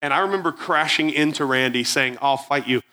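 A man's voice: mid-range voice, brisk, pushed and bright. A man preaching to an audience, telling a story from his school days and acting out the voices. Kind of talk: storytelling sermon.

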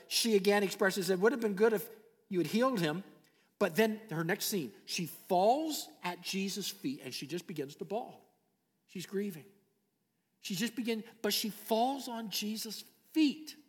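Male pastor, sermon, animated delivery, fairly high voice, big reverberant church hall. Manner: animated, drops to soft low tones on scripture.

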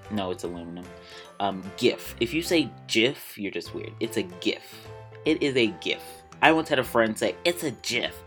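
A man's voice: lowish voice, expressive, fairly quick, a bit bright, faint music behind. A man from Maryland hosting his podcast, chatting casually and self-amused as he drifts off on tangents. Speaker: podcast host. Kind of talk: casual solo podcast chat.

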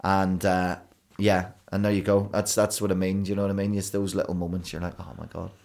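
A man, a broadcaster and DJ guest telling rambling, animated stories in a casual podcast chat. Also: low-pitched, brisk. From Belfast, Northern Ireland. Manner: rambling, animated storytelling with restarts.

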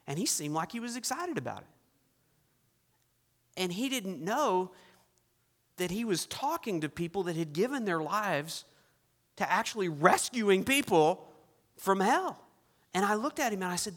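A male pastor preaching a sermon, shifting from loud emphatic lines to hushed, intense ones. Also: sits high, lively intonation, normal speed. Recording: long reverb in a large hall.

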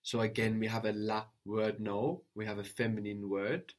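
A man teaching a language lesson, patiently modeling pronunciation slowly and asking a student to repeat. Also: lowish voice, level tone.

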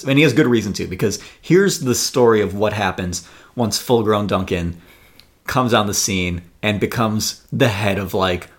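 A man hosting a podcast, telling a story in a loose, jokey way with lots of filler words. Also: lowish voice. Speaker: podcast host. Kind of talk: casual storytelling chat.

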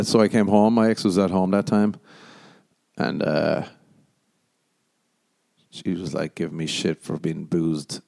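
A young Irish man hosting a podcast, telling a rambling story casually and jumping into high voices when he quotes himself. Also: gravelly, mellow. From Ireland. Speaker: podcast host.

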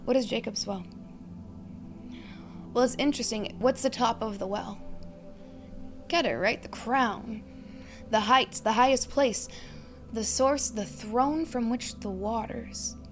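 A woman with a fairly high voice preaches a reflective sermon. She teaches through questions and lists, and her voice falls to a hush at key phrases.

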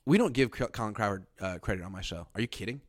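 A man's voice: on the low side, quick pace, dry recording, clean studio sound. A man hosting a casual sports talk show, blunt and sarcastic, reading viewer comments aloud. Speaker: podcast host.

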